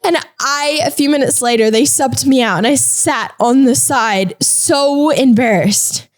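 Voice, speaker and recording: A young woman hosting a faith-based podcast, telling a personal story in a chatty, animated way with lots of fillers. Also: sits high, unhurried. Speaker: podcast host.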